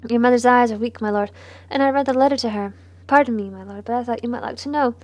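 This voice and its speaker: A woman doing a quiet, deferential old butler. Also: a little high, quick pace, no echo, lightly acted. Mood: confiding. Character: discreet, helpful old male butler.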